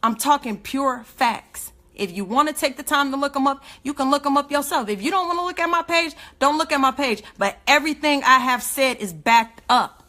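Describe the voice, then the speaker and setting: A woman's voice: high voice, animated, a little fast, hardly any pauses, bright, forceful tone. A woman speaking, giving an emotional, indignant livestream rant full of rhetorical questions.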